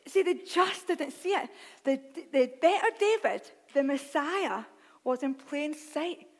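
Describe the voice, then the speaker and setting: High-voiced, excitable woman preacher. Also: a little slow, in a large hall. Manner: excitable, laughs at herself, chatty asides. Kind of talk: sermon with scripture reading.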